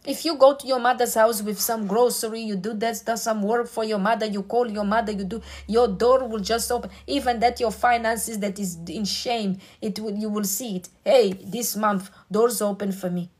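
A woman's voice: a little high, steady tone, normal speed, hardly any pauses. A woman preacher delivering a sermon with emphatic, repetitive exhortation.

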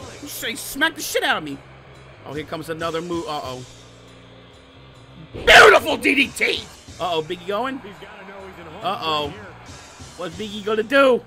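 Hyped male gamer, sharp bright voice, big swings in pitch, swears and shouts at the screen. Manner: excitable, profane, trash-talking, bursts into shouts. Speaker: gaming YouTuber. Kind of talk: live gameplay commentary.

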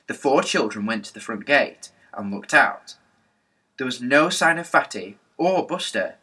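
A man reading a children's mystery novel aloud in a lively storybook narration. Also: mid-range voice, measured pace, slightly rough. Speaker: audiobook narrator.

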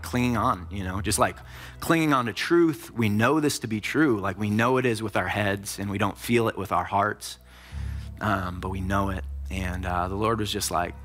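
A man's voice: fairly low pitch, a bit bright. A man preaching a sermon, telling a personal story in a casual, conversational way with lots of filler words.

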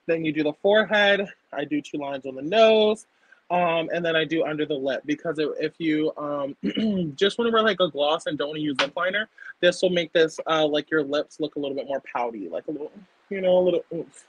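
A young woman chatting casually as she walks through a makeup tutorial on camera, full of fillers and quick to burst out laughing. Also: deep voice, slightly rough, no echo, dull audio. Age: young adult. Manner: chatty, filler-heavy, breaks into loud laughter. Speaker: makeup artist guest. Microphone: laptop or phone camera.

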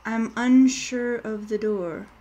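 High-voiced jittery woman streaming a game. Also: slow pace, dark tone. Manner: jittery, rambling, often panics and yelps. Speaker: gaming streamer. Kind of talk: live gameplay commentary.

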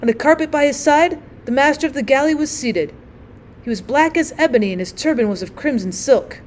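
Expressive woman reading a classic tale. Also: high-pitched, brisk, slight background noise. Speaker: teacher and narrator. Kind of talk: audiobook reading of a classic story.

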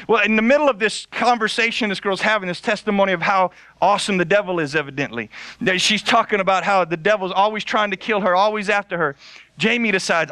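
A male pastor telling a funny story in a sermon, animated and laughing often. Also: sits high, fast, clean tone, dry recording.

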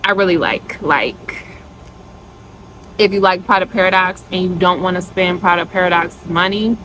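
A woman's voice: on the low side, moderate pace, a bit bright, a little hiss or hum, rough recording. A woman vlogger chatting casually to her viewers in a product review, gushing and calling them y'all.

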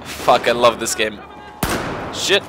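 A man's voice: medium pitch, expressive, slow, background noise. A man giving casual gameplay commentary in a put-on genteel accent, full of startled exclamations. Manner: jumpy, frequent startled exclamations; putting on a mock-genteel accent. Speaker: gaming commentator.

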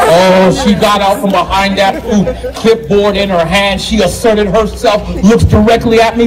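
A man in his thirties hosting a live comedy show, loud and playful, laughing through his lines. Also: high voice, normal speed, faint music behind, a faint crowd, low-quality recording. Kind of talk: stand-up comedy. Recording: live show with audible audience.

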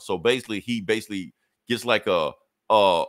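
A man's voice: lowish voice, fairly quick, fairly bright tone, dry recording, studio quality. A man co-hosting a podcast, casually retelling a comic book plot with profane slang and acting out the characters' lines. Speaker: podcast co-host reviewing comics.

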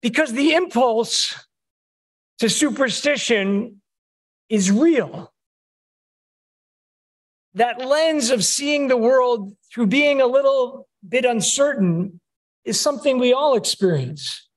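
Man, rabbi, high-pitched voice, wry chatty sermon, synagogue. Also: expressive, takes it slowly, pauses often. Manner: conversational, wry storytelling. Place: synagogue sanctuary.

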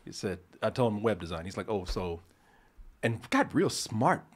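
A man's voice: lowish voice, moderate pace, husky. A man on a casual talk show, telling a story with lots of restarts and acting out both sides of the exchange. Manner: animated, acts out both sides of the conversation, frequent swearing and restarts. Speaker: podcast host telling a story.

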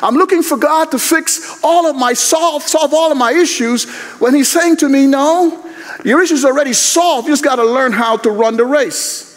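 A preacher acting out the apostle Peter as an eager grown man, first cocksure and then humbled, with brash, excited quick lines. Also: very high-pitched, voice pushed up. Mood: confessional. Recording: echoey hall.

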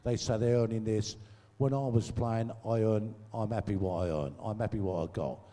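Fairly low and dark in tone, this older man's voice moves at a moderate pace as he tells rude, swear-filled funny stories to a live crowd in a big venue. He's a guest storyteller on a stage microphone, chuckling at his own material while the hall echoes.

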